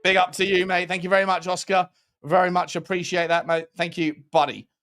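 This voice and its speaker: Guy hosting a football live stream, jokey and chatty, fairly high voice. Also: level tone, brisk, fairly bright tone, faint music behind. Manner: chatty, jokey, reads out viewer messages. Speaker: podcast host.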